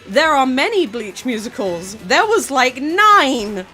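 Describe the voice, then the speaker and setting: Giggly, lively-voiced woman streamer. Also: high-pitched, slow. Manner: rambling, giggly, stammering restarts. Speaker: VTuber streamer. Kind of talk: casual stream chat. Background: faint background music.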